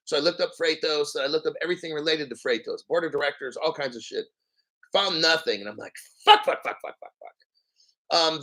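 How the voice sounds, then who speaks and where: Bright-voiced profane crypto host. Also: male voice, a little high, low-quality recording. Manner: profane, rambling, frequent throat-clearing; sarcastic asides and jokes. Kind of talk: profane ranting commentary while reading an article.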